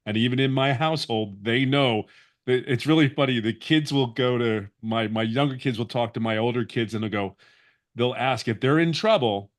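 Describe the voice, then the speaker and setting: A man's voice: mid-range voice, normal speed. Earnest man in his fifties. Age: 50s. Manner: earnest, rambling, with many restarts. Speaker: webinar guest sharing his story. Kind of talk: personal testimonial on a webinar.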